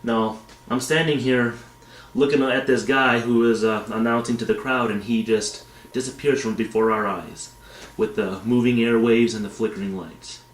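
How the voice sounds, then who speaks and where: A man's voice: mid-range voice, fairly even intonation, moderate pace. A man casually retelling a long dream in a rambling, tangential way from a dim room, speaking as a vlogger. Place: dim indoor room, backlit. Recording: echoey room.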